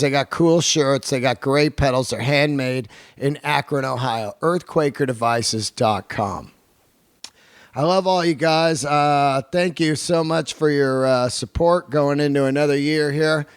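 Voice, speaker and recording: A man's voice: on the high side, unhurried, clean tone, no room sound, studio quality. Profane, rambling podcast host, man. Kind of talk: casual podcast talk and ad reads.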